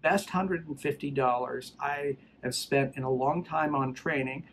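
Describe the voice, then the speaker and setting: A man's voice: mid-range voice, unhurried, a little hiss or hum, poor audio. Emphatic middle-aged man explaining firearms training. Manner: emphatic, conversational, retells scenarios with acted quotes. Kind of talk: casual instructional talk.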